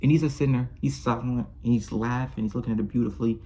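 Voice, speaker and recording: A man gives an unscripted film review in a warm, dark-toned voice with a husky edge. He gushes, loops back on his own phrases and corrects himself as he goes. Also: medium pitch, fairly even intonation, fast. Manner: rambling and effusive, with many restarts and self-corrections. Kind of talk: casual film review monologue.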